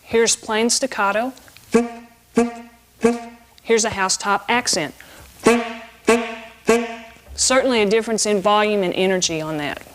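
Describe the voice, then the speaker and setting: A middle-aged woman giving a saxophone lesson, explaining clearly and patiently in an instructional tone. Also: mid-range voice, measured pace, long pauses. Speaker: saxophone teacher.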